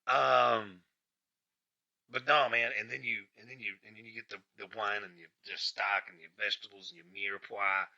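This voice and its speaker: A man's voice: fairly low pitch, steady tone, moderate pace, gravelly, pushed and bright. A man hosting his own podcast, ranting casually with lots of swearing, restarts and rambling asides. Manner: rambling, profane, with many restarts. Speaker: podcast host. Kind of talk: casual rant monologue. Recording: dull lo-fi recording.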